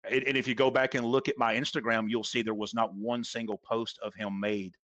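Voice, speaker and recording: Male golf coach guest, forceful repeater, average pitch, dry mic. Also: flat delivery, fairly quick, dry recording. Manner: emphatic, repeats points for stress. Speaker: golf instructor, podcast guest. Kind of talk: casual podcast interview.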